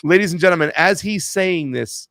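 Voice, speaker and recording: A man's voice: high voice, expressive, fairly quick, fairly bright tone, no echo. A man hosting casual political commentary, slangy and mocking, often laughing and calling his viewers fam. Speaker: host.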